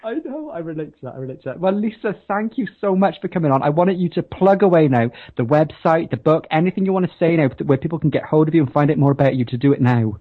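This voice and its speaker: Fast-talking Welsh man hosting radio. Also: on the high side, animated, breathy edge. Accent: Welsh softened toward English. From Wales. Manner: warm, effusive, laughs often. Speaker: radio host. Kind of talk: radio interview chat. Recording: tinny phone-like radio sound.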